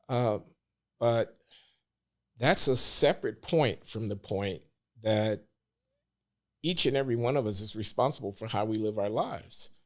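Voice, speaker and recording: An older man speaking as a guest on a casual podcast, measured and deliberate with frequent hesitations. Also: medium pitch, a bit bright.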